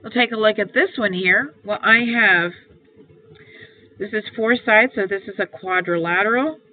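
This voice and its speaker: A woman math teacher with a mid-range voice talks at a normal speed as she goes over a homework assignment. She explains every step patiently and comes back to the key points. The recording sounds tinny, like a phone, with a faint hiss.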